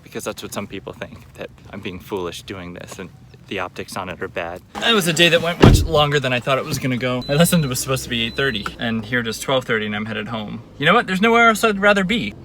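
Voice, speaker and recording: A man's voice: mid-range voice, expressive, quick pace, noisy background. A man recording a confessional video diary, rambling and bitter, swearing heavily as he vents.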